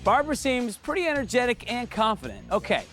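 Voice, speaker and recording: Lively upbeat male host. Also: very high-pitched, a little fast. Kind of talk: upbeat presenter interviewing. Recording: background music.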